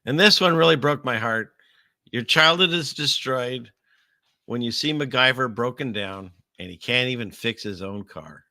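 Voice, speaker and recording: Bright-voiced joking male host. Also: mid-range voice, vocal fry, dry recording, studio quality. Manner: rambling, joking, sarcastic asides. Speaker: show host. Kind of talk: casual news commentary.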